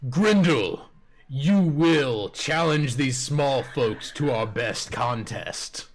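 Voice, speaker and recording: A man's voice: mid-range voice, slow pace, a little hiss or hum. Man voicing a commanding goblin chieftain.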